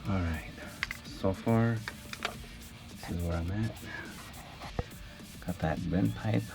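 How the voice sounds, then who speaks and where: A man's voice: deep voice, slow, vocal fry, music in the background. A man, an HVAC technician, chatting wryly to the camera while he works on a job site. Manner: chatty, wry, talking to the camera while working. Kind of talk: casual on-the-job vlog.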